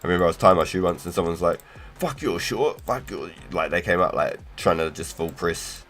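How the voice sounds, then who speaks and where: A man hosting a casual game livestream, talking in a relaxed, slangy way to chat and swearing freely. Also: sits low, quick pace, soft background music. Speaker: livestream host.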